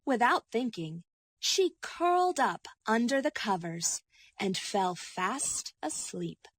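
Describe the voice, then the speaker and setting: A woman narrating a children's story slowly and expressively. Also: a little high. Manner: slow and expressive.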